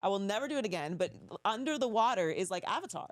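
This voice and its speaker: A woman hosting a relaxed interview show who asks curious follow-up questions. Her voice sits in a mid range, and the recording is close and dry. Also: medium pitch, quick pace, no room sound. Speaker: host. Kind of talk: casual interview chat.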